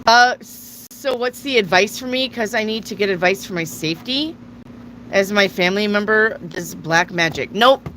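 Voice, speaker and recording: A woman doing a live tarot reading from home, fielding questions from viewers in a blunt, offhand manner and swearing now and then. Her voice is bright and forceful, set at an average pitch. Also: normal speed, a little hiss or hum, poor audio. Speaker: tarot reader.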